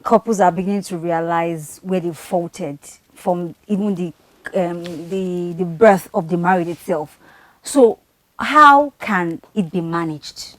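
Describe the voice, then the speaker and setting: Low-pitched woman hosting an interview. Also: unhurried, a bit bright, no echo, poor audio. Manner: attentive, brief affirmations. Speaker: host. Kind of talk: interview talk.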